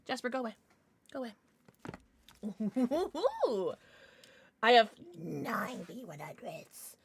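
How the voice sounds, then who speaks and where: Bubbly, high-voiced young woman streamer. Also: big pitch swings, a little hiss or hum. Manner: bubbly, gushing, quick swings to squeals and mumbles. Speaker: livestreamer. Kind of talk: casual chat.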